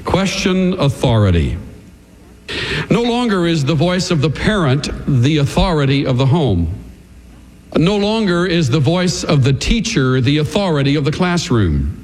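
A man's voice: a little high, sing-song, unhurried, a little mellow. Emphatic male preacher in a reverberant hall. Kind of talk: sermon.

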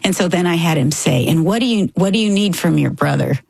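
Female co-host, animated storyteller, lowish husky voice, dry close recording. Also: brisk, no room sound. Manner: animated storyteller, voices her children's lines. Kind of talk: storytelling in a podcast conversation.

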